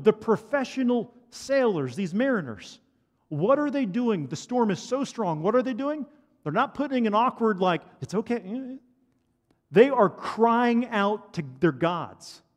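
High-voiced man preaching in a reverberant hall. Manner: animated preaching, asks the congregation questions. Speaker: pastor. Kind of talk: sermon. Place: church hall.

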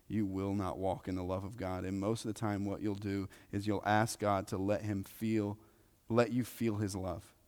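Emphatic low-voiced male preacher. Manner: emphatic, repeats key phrases, swings between loud and soft. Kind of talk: sermon. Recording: long reverb of a large hall.

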